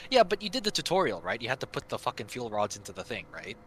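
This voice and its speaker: A man telling gaming stories in casual chat, animated and swearing freely. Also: mid-range voice, fast talker. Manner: animated, swears a lot, acts out quotes. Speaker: gaming friend on stream.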